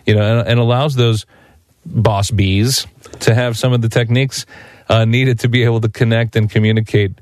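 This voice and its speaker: A man's voice: mid-range voice, steady tone, moderate pace, a little mellow, no room sound, studio quality. A man co-hosting a casual radio talk show, enthusiastic and playful. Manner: enthusiastic, playful, chimes in often.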